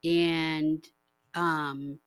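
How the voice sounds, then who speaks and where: Mid-pitched woman, dry close sound. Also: little pitch movement, smooth, no echo. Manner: responsive listener, quick to laugh. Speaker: podcast co-host. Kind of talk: casual chat.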